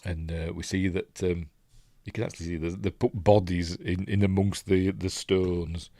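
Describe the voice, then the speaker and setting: A man's voice: low-pitched, level tone, moderate pace, warm tone, no echo. A man with a Yorkshire accent casually breaking down a film scene by scene, rambling and often stopping to find his place. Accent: Yorkshire English. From Yorkshire, England. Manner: rambling, self-interrupting, quotes lines in put-on voices. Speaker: movie reviewer.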